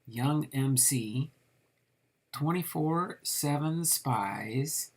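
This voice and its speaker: A man's voice: mid-range voice, takes it slowly, slightly rough. A man casually reviewing a set of trading cards, reading names off the cards in a rambling way with many fillers.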